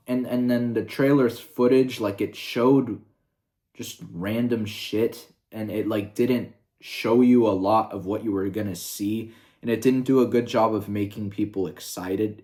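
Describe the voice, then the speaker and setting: A man with a somewhat low voice talks through a review vlog in a loose, rambling way. He swears freely and leans on fillers as he goes. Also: darkish tone. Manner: rambling and profane, heavy with fillers. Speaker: video reviewer.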